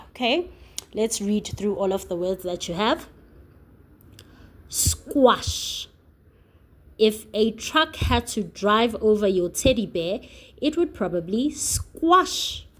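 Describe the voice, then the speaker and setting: Slow, patient woman phonics tutor. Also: mid-range voice, darkish tone. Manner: slow, patient, clearly sounding out letters. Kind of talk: phonics lesson for young children.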